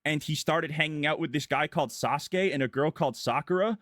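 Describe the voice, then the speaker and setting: Casting note: male vtuber, slightly higher voice, irreverent rambling recap, dry close mic. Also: fairly quick, fairly bright tone, no room sound. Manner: goofy, irreverent, breathless run-on storytelling. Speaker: vtuber streamer. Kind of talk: casual rambling plot recap.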